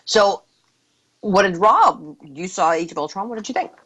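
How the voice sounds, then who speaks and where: A woman's voice: mid-range voice, very animated, moderate pace, a bit bright, rough recording. A woman co-hosting a podcast, joining in casual, playful banter. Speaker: podcast co-host.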